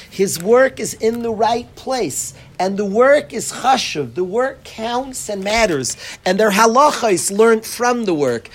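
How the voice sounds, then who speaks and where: A man's voice: high-pitched, a little hiss or hum. A man gives a Torah lecture to students. He speaks earnestly, repeating his points and mixing in Hebrew and Yiddish terms. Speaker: rabbi teaching in a yeshiva.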